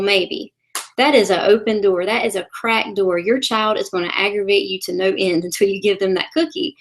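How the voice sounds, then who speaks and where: A woman leading a sales training call, talking in a conversational way with frequent ums and encouraging her listeners. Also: medium pitch. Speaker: sales team leader.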